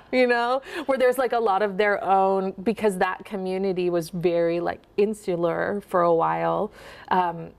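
A woman with a Minnesota accent, an accent and dialect coach answering interview questions in a lively, explanatory way and demonstrating vowel sounds. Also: mid-range voice, measured pace, creaky, clear, resonant tone. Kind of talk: casual interview.

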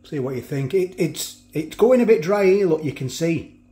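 A man's voice: fairly high pitch, lively intonation, normal speed, warm tone, roomy sound. A man chatting casually as he cooks and tastes food in a home kitchen. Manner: chatty, talks while chewing, frequent restarts. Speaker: food reviewer. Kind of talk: casual food review vlog.

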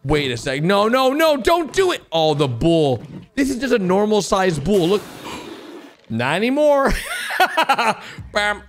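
Young guy reacting to cartoons, high voice, swings all over the place, lots of exclaiming. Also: slow pace, a little hiss or hum. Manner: animated, exclamatory, frequent gasps and laughs. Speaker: gaming YouTuber reacting to animations. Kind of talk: excited reaction commentary.

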